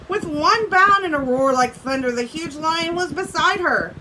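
A woman's voice: high-pitched, animated, moderate pace, pushed and bright, a little hiss or hum, rough recording. A woman teacher reading a story aloud to her class, breaking off to make casual comments and laugh.

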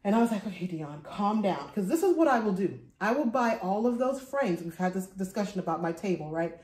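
A woman's voice: medium pitch, lively intonation, quick pace, a little mellow. A woman in her thirties chatting casually to camera about her thrift finds, rambling and laughing often. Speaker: vlogger showing a thrift haul. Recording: echoey room.

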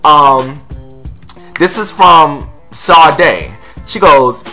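A man's voice: on the high side, lively intonation, brisk, bright, forceful tone, soft background music. A man hosting a casual gossip vlog, sassy and blunt, calling his viewers honey and girl.

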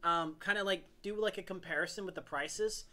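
A man co-hosting a podcast, chatting in an animated, talkative way and laughing easily. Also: high-pitched, fairly quick. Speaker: podcast co-host. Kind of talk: casual chat.

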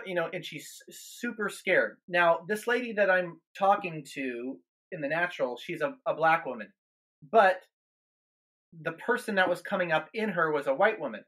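A man's voice: on the high side, measured pace, fairly bright tone. A man who is a guest minister on a podcast, telling a story in an earnest way, with many restarts and repeated words.

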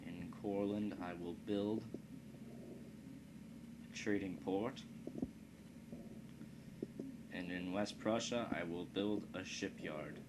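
A man with a very low voice talks slowly through a strategy game, tossing off crude, profane jokes as he plays. A steady hiss of background noise runs under his voice. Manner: crude, profane, joking asides. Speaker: let's play commentator. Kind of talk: casual gameplay commentary.

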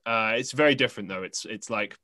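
A lower-pitched English man hosting a podcast in a loose, meandering storytelling style. His voice has a bright, forceful edge, recorded close and dry on a podcast microphone with no room sound. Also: fairly quick, dry recording. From England. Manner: rambling and chatty, with many fillers and restarts. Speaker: podcast host. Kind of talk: casual conversational storytelling.

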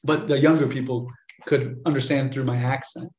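A young American man, a Catholic priest, telling stories to an audience in a chatty, animated way and acting out the voices of people he quotes. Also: medium pitch, normal speed, a little hiss or hum. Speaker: Catholic priest giving a talk. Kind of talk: casual storytelling lecture. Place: room with an audience. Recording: echoey lecture room.

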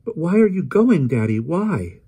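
A man voicing a passionate teenage girl, pleading and crying out in a high, insistent voice. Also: very animated, unhurried, dark tone, slightly rough, full character voice.

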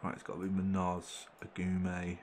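A young man commentating his football management game, excitable and exclaiming when things go his way. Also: deep voice, normal speed, a little hiss or hum. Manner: excitable, swearing mildly in exclamations. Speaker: gaming channel host. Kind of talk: gameplay commentary.

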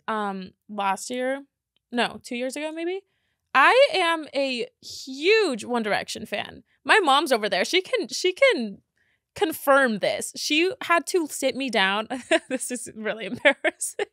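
Young woman podcast host, higher voice, dry close studio sound, giggly and animated. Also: dry recording. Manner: chatty, giggly, animated storytelling. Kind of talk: candid solo podcast chat.

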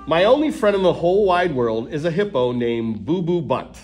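A man reading a children's book aloud, animated and playful, with mock protests and gleeful nonsense sounds. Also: on the high side, moderate pace, over music. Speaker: storytime reader.

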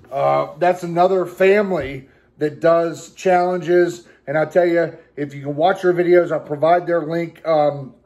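A man's voice: a little high, darkish tone. A young man hosting his own challenge channel, out of breath and stuffed, chatting casually to viewers. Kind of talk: casual vlog talk.

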